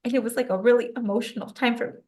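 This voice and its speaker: Speaking very fast in a high-leaning voice, this young woman is a guest author being interviewed. She relates a personal story emotionally and animatedly, peppering it with casual "like" fillers.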